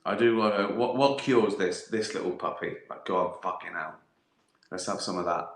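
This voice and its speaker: A middle-aged man with a low voice hosts a casual live stream at normal speed, reading out viewer questions. He swears often, bursts into laughter, and acts out little voices. The room he's in is echoey.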